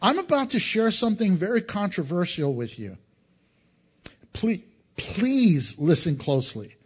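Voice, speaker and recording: Animated high-voiced male pastor preaching. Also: unhurried, slightly rough. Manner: animated, acts out crowd voices, jokes and chuckles. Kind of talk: sermon.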